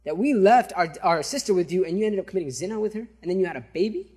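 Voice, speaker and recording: A man voicing a sly, whispering male devil who coaxes in a hushed, persuasive way. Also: high-pitched, expressive, fast, slightly rough. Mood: menacing.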